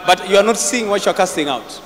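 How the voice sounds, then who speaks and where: A man leads a deliverance sermon in a high, sharp voice. He repeats himself and bursts into shouts. The sound is echoey, as from a hall, with faint noise behind. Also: animated, fast. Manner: forceful, repetitive, bursts into shouts. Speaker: prophet preaching.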